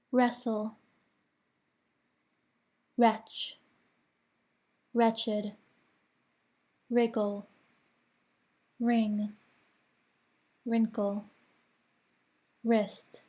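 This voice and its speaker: A woman accent coach with an American accent, reading a word list one word at a time with careful, deliberate enunciation. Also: fairly high pitch, warm tone. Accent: General American. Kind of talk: slow word-list pronunciation drill.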